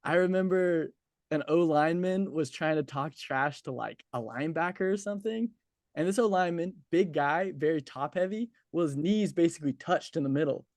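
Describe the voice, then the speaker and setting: A man's voice: on the high side, brisk, darkish tone, no echo, clean studio sound. A man in his twenties interviewing a guest in a casual, chatty way, laughing easily and using lots of filler words.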